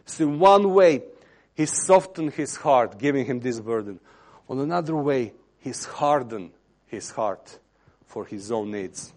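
Impassioned preacher man. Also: mid-range voice. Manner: impassioned, swells louder on key phrases then drops to near-whisper. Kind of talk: sermon.

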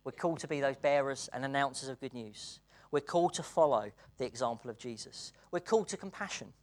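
A British preacher delivering a sermon, earnest, moving between hushed and excited passages and laughing between points. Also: medium pitch, fairly quick. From Britain.

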